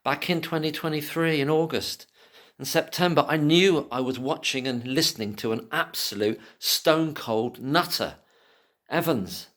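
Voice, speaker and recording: A man giving impassioned solo commentary who swears freely and swings from angry ranting to quiet muttering. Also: a little high, moderate pace.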